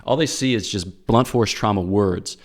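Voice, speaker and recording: A priest from Pennsylvania giving practical advice in a casual, earnest talk, often checking in with "okay?" and "all right?". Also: male voice, fairly low pitch, normal speed. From Pennsylvania, USA.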